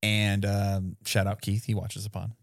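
A man's voice: fairly low pitch, completely flat delivery, a little slow, creaky, no echo, clean studio sound. Laid-back swearing man on a podcast. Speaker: podcast co-host. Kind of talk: casual chat.

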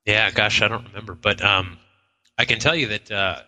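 A chatty male co-host of a live paranormal radio show speaks at a normal pace with a fairly low, steady, very bright voice. His casual storytelling, packed with acted-out quotes and frequent restarts, echoes through the long hall of the inn function room hosting the broadcast.

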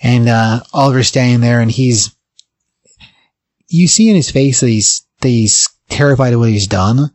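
A man co-hosting a podcast, casually retelling a comic's plot in a rambling way full of fillers. His voice sits at an ordinary pitch. The sound is close and dry, with no room echo. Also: moderate pace, a little mellow. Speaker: podcast co-host. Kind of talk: casual comic book recap.

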